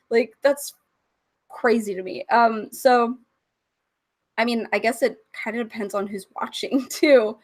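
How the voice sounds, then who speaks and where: A woman from California with a fairly high voice speaks as a podcast guest in casual chat. She is frank and unguarded, laughing easily and swearing without a second thought. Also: measured pace. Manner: candid, laughing and swearing freely. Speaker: podcast guest, cam performer.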